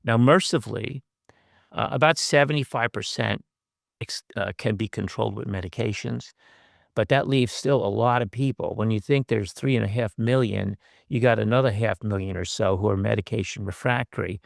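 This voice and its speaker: A man's voice: on the low side, normal speed, creaky, dry recording, studio quality. An older man and professor giving a conversational lecture over a video call, with wry asides and frequent fillers. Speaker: guest speaker, professor.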